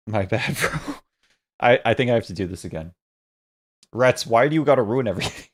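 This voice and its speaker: A man's voice: medium pitch, expressive, brisk, pauses often. A young man streaming games, chatting casually, laughing often and bickering playfully with his chat.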